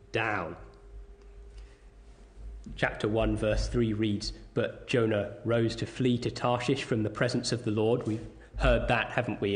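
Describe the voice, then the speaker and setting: A man preaching a sermon with a measured, deliberate delivery, reading scripture aloud and explaining it. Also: mid-range voice.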